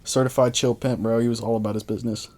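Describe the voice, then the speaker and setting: A man's voice: mid-range voice, level tone, fast talker, darkish tone. A young man in casual podcast chat, telling rambling stories full of slang. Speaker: podcast co-host.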